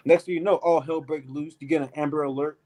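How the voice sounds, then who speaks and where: Animated man preaching Bible study. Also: a little high, quick pace, rough recording. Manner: animated, drawls emphasis, calls "man" and "right?". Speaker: Bible teacher.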